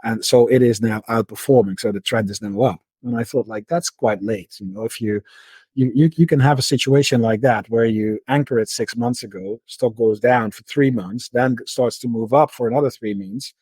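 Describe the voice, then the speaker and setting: A middle-aged man, a guest on a podcast, talking through his past work in a relaxed, conversational way, often repeating words and restarting his sentences. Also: mid-range voice, moderate pace, breathy edge, no echo. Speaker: podcast guest, market analyst. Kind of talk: conversational interview.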